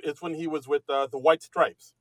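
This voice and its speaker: A man's voice: fairly high pitch, fairly even intonation, moderate pace, fairly bright tone, dry recording. A man co-hosting a comedy podcast in casual chat, rambling and self-mocking with many restarts. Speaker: podcast co-host.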